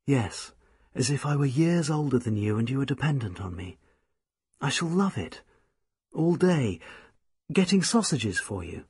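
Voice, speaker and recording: A man's voice: mid-range voice, animated, measured pace, pauses often, darkish tone, breathy edge, no room sound, clean studio sound, full character voice. A man voicing a young woman, an earnest and devoted music student, in an audiobook reading. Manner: eager, tender, pleading. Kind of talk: audiobook character voice.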